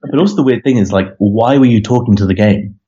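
A man's voice: fairly low pitch, fast, mellow, highs cut off. A man being interviewed as a game developer, talking casually and rambling with lots of "you know" and restarts.

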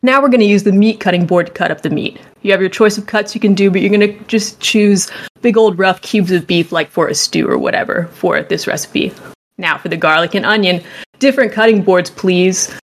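A woman's voice: medium pitch, fairly quick. A woman hosting a casual show, chatting animatedly and jokingly as she reviews a game. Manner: animated, joking, rambling and enthusiastic. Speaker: podcast host reviewing a game. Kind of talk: casual chat.

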